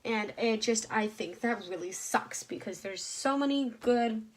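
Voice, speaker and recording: A young woman vlogging to her channel, animated and rambling with many fillers, heated and frustrated. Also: fairly high pitch, measured pace. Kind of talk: casual ranting vlog.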